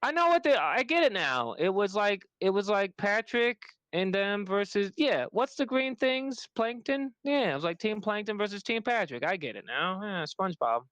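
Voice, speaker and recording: A woman's voice: medium pitch, moderate pace, hardly any pauses, dry recording. A woman co-hosting a podcast, chatting casually and jokingly about wrestling. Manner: animated, joking. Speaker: podcast co-host.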